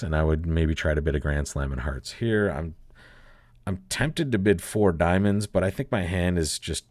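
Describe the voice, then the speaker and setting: A bridge teacher with a deep voice gives a casual lesson while playing, thinking aloud and laughing often as he addresses listeners as folks. The recording is dry and studio quality.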